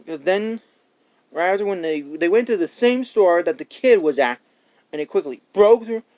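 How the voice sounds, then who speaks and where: High, smooth-voiced rambling man. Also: lively intonation, moderate pace, darkish tone, highs cut off. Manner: rambling, full of "like" and restarts; laughs often and acts out scenes. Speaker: movie reviewer. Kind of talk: casual spoken movie review.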